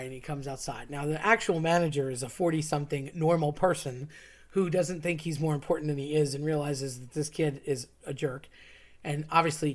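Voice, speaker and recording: Brief: animated anecdote teller, sarcastic and emphatic, middle pitch. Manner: animated, sarcastic storytelling with acted-out quotes. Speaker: storyteller. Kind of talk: personal anecdote, told live.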